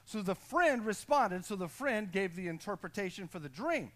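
An American pastor preaching to his congregation in a church, his voice sitting high for a man. He talks in quick bursts with restless energy, laughs at himself and calls on the listeners to answer back. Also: animated, a bit bright. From United States. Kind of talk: sermon with personal story. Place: church sanctuary.

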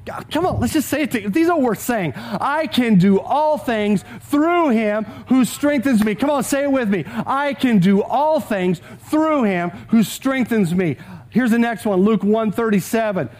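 A pastor preaching a sermon with a Texan accent, urging the congregation to repeat scripture aloud with him. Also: male voice, very high-pitched, animated, unhurried, a little mellow.

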